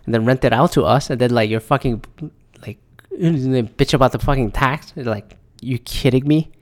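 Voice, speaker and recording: A man's voice: medium pitch, moderate pace. A young man hosting a podcast, in a rambling, profane, exasperated monologue. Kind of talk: casual ranting monologue.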